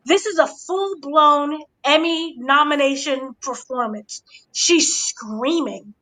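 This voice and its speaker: Bright, high-voiced woman gossiping animatedly. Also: slow pace, rough recording. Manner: acts out quotes with gasps and dramatic voices; playful, gossipy storytelling. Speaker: entertainment editor recapping wrestling. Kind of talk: animated recap chat.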